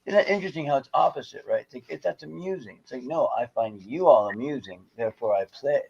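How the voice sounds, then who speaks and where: A man's voice: mid-range voice, expressive, fast, creaky, a little mellow, highs cut off, a little hiss or hum. A man in casual chat on a video call, rambling and playing with words. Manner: rambling, playful wordplay.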